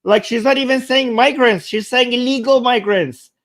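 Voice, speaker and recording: A man's voice: very high-pitched, moderate pace, a bit bright. A man hosting his channel, reacting to a clip in casual commentary, sarcastic and incredulous, often repeating himself. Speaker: channel host.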